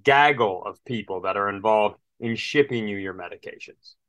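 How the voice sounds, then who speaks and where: A man's voice: on the low side, normal speed, fairly bright tone, no echo. Man with a slight drawl, very dry sound. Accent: slight Southern drawl. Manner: storytelling, acting out phone calls with voices; exasperated, swearing rants. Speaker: podcast co-host. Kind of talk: casual chat.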